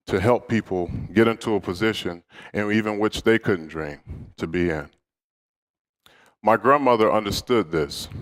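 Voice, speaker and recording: Smooth low-voiced man telling stories onstage. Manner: candid, humorous storytelling to an audience. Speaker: motivational speaker. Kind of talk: inspirational storytelling speech.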